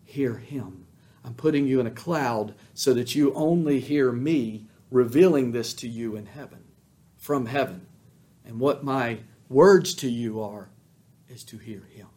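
A man preaching a sermon as pastor, fervent, swelling loud on emphatic lines and dropping soft on quiet ones. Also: medium pitch, measured pace.

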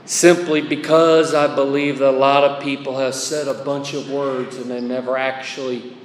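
A man's voice: mid-range voice, level tone, moderate pace, a little hiss or hum. A man preaching a chapel sermon in a folksy, emphatic way, spelling out words to make his point. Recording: echoey chapel with long reverb.

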